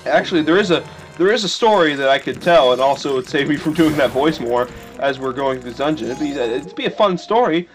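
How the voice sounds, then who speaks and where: A young man hosting a game playthrough, rambling and joking with sudden excited yelps. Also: fairly high pitch, a little fast. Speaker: let's play host. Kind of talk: casual gameplay commentary. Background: faint video game music.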